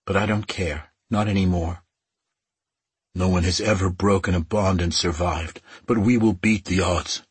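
A man reading the lines of a bitter, defiant young immortal woman in clipped, cold retorts, in a husky voice. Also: low-pitched, steady tone, a little slow, no room sound, heavily acted.

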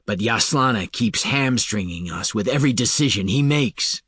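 A man's voice: mid-range voice, animated, normal speed, a bit bright, slightly rough, no echo, studio quality. A man voicing a proud, bitter male aristocrat who snarls his words with contempt in an audiobook. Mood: scornful.

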